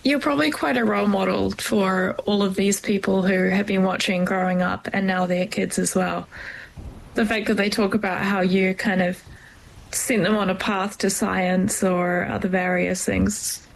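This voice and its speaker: Woman interviewer, medium pitch, vocal fry, admiring tone. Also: steady tone, normal speed, poor audio. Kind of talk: interview conversation.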